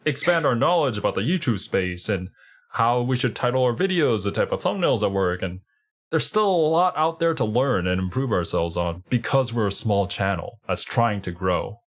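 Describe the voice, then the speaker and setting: A man co-hosting a reaction channel, chatting casually in an earnest, reflective way. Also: lowish voice. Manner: earnest, reflective, quick bursts when excited. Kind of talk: casual chat.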